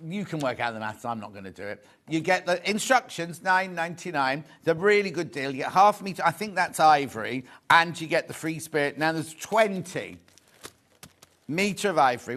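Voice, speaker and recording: Chatty TV sales host, higher-pitched man. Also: a bit bright. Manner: chatty, jokey, self-correcting as he goes. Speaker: shopping TV presenter. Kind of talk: live selling chat, reading viewer messages. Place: TV studio.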